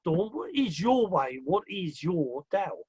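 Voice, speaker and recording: A man hosts a casual livestream show, talking in a playful, rambling way. His voice sits high and has a husky edge. The sound is dry and close, with no room around it. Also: sing-song, slow pace, darkish tone, no room sound. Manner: chatty and playful, rambling with restarts. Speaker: podcast host.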